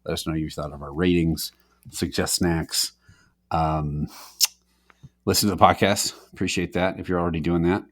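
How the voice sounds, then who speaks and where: A man's voice: sits low, fairly even intonation, moderate pace, pauses often, no room sound, clean studio sound. A man co-hosting a comedy podcast in casual chat, laughing often between his lines. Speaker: podcast co-host.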